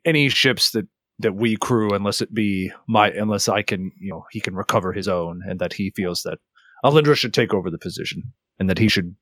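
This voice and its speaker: A man playing a tabletop role-play, describing his character's actions in a halting, loose way. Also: deep voice, fairly bright tone, no room sound. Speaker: player. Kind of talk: casual tabletop game play.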